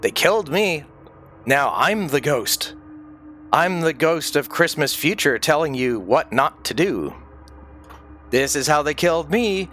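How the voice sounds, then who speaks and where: A man's voice: fairly high pitch, animated, a little slow, pauses often. An older man on a livestream, ranting intensely in an emphatic monologue, repeating phrases for emphasis. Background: faint dark ambient music.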